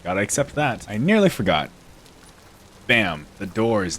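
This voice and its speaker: A man's voice: mid-range voice, sing-song, moderate pace, faint music behind. A man giving casual, playful commentary on his game building, with self-mocking jokes and giggly asides. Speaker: gaming video creator.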